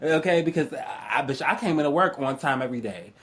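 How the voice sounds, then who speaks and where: A man's voice: on the high side, animated, brisk, a bit bright. A young man telling stories in a casual, profane rant, often laughing and mimicking other people's voices. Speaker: astrology YouTuber.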